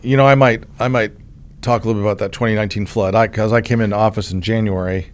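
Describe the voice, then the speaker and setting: A middle-aged man from Oklahoma hosts a conversation as the state insurance commissioner and tells a story in a relaxed way, often restarting his sentences. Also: fairly low pitch, fast talker. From Oklahoma, USA. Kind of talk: casual conversational interview.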